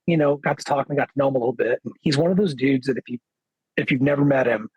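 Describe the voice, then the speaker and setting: A man's voice: medium pitch, breathy edge, no echo, poor audio. A middle-aged man, a guest guitarist, telling stories in a casual interview and acting out what others said. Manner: lively anecdote teller, acts out quoted dialogue.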